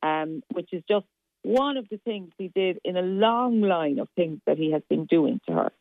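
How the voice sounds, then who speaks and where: A woman's voice: on the low side, animated, normal speed, vocal fry, no room sound, narrow, tinny audio. A woman speaking bluntly as a radio contributor. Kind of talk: casual radio chat.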